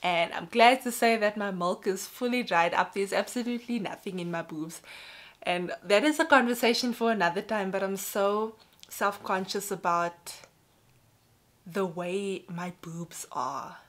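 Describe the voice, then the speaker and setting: A woman's voice: mid-range voice, a little slow. A young woman talking candidly to camera in a casual personal vlog, chatty and full of "like" and "you know". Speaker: vlogger.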